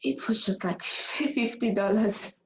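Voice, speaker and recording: A woman's voice: a little high, takes it slowly, rough recording. A woman living abroad tells a personal story to her followers in a casual, emotional vlog, repeating herself and getting tearful. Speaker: vlogger.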